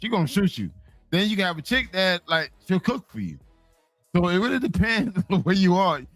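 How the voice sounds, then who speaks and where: Animated man in dry studio chat. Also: sits high, fairly quick, no echo, faint music behind. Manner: animated, swearing, repeats himself. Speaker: podcast co-host. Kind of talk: casual chat.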